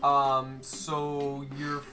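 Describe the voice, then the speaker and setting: A woman playing a sad, beaten-down man in a tabletop game, his voice very low and his talk halting and mumbled, as if through a mouthful of food. Music plays behind him. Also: completely flat delivery, bright, forceful tone, heavily acted. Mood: awkward. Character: shabby lonely middle-aged man, beaten-down. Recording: background music.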